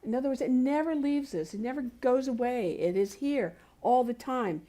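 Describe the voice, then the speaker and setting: Woman pastor kinda high voice, chatty sermon w personal stories, encouraging the congregation. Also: normal speed, warm tone. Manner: conversational, telling personal stories. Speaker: minister. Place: spiritual community center service.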